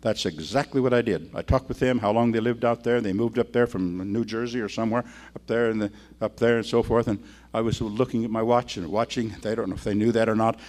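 A man's voice: on the low side, steady tone, fairly quick, a little mellow. An older man, a pastor, preaching in a folksy, conversational way and acting out the people in his stories. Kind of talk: sermon with storytelling.

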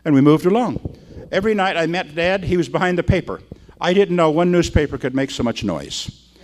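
A man's voice: fairly high pitch, expressive, brisk, a little hiss or hum. Folksy older man preaching with stories. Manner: folksy, conversational, acts out the people in his stories. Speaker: pastor. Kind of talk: sermon with storytelling.

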